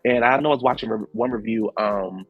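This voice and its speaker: A man giving casual, animated commentary as a reality show recap host, slangy, acting out the quotes. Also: lowish voice, a little fast, husky, no room sound, narrow, tinny audio, soft background music.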